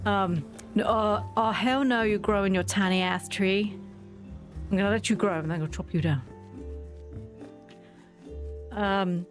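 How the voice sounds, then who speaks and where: Woman streamer, mid-pitched, sick and sore-voiced, casual and self-deprecating, faint game music behind. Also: normal speed. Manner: chatty, self-deprecating, laughs often, greets chat by name. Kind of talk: casual live-stream chat while playing.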